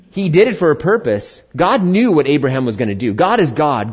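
A man's voice: expressive, a little fast, few pauses, a little mellow, slightly rough, dull audio. A male pastor preaching a sermon who reads scripture aloud and then asks and answers questions. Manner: voices imagined objections in a higher voice.

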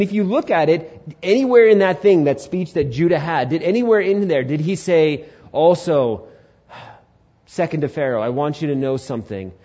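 Young man, pastor, sermon, mellow voice, loud then hushed, dull muffled sound. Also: on the high side. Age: 20s. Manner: animated storytelling, swings from loud to hushed.

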